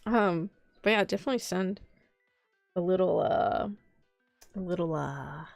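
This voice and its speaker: A woman's voice: lowish voice, measured pace, gravelly, no echo. Young woman streamer, casual rambling chat, laughs a lot, close dry mic with faint music behind. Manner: rambling, laughs often, loses track of thought. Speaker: VTuber streamer.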